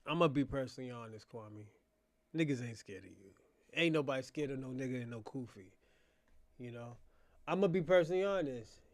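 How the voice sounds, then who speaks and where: A man, hosting his own channel in a casual unscripted monologue, mocking and laughing, swinging between quiet mutters and loud outbursts. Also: medium pitch, brisk, no echo.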